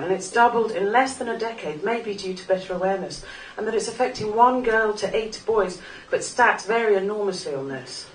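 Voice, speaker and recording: A woman's voice: medium pitch, expressive, moderate pace, few pauses. A woman in her forties giving an earnest, wry personal talk to a live audience at a small club, laughing now and then at her own jokes. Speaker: speaker at a live talk event. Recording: echoey room, distant mic, faint noise.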